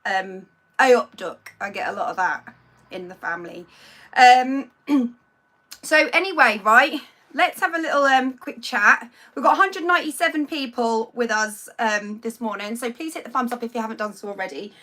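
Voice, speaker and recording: Chatty high-voiced Norfolk woman. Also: moderate pace, bright, forceful tone. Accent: Norfolk English. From Norfolk, England. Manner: chatty, self-deprecating, stumbles over words. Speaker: livestream host. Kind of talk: casual live chat reading out viewers' names.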